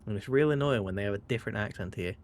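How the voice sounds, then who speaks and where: Talking very fast in a lowish voice, an English man jokes his way through his gameplay as a streamer, wry and playful, sometimes adopting a put-on posh manner.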